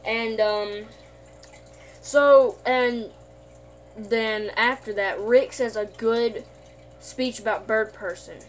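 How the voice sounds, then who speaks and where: A woman's voice: a little high, slow, pauses often, a little hiss or hum. A woman casually recapping an episode in a rambling way, with lots of fillers and restarts.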